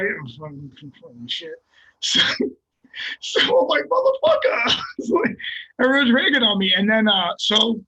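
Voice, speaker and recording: An older man, a fighter, telling a story in casual, profane, animated bursts and laughing along the way. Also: sits high, slightly rough, muffled recording. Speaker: guest fighter.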